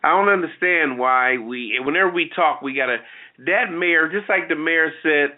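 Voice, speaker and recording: A man co-hosting a talk show, giving blunt, animated opinions in casual commentary with many restarts. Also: a little high, moderate pace. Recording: tinny phone-like audio.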